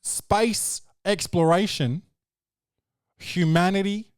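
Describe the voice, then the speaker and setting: A man's voice: high-pitched, slow pace, clean tone, dry recording, studio quality. A man hosting a podcast, recapping a film in a brash, profane and joking way. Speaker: podcast host. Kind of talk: casual film review chat.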